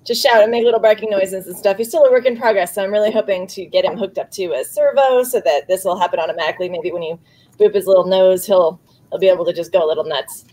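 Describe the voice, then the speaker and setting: A woman's voice: medium pitch, quick pace, mellow. A woman talks with enthusiasm about a costume project she is making. Her delivery is chatty and casual. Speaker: maker demoing a costume project. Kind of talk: casual demo chat.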